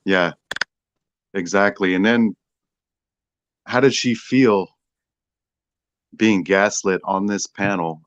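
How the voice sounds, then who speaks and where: A man's voice: low-pitched, slow, long pauses, no room sound, highs cut off. A man speaking as a guest on a livestream panel in a sarcastic, mocking way. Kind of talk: casual livestream chat.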